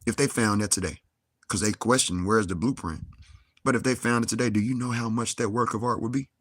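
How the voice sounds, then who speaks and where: A man's voice: medium pitch, steady tone, quick pace, a bit bright, dry recording, clean studio sound. A young man, ranting angrily to camera with heavy cursing and rhetorical questions. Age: young adult. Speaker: vlogger. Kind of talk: angry monologue to camera.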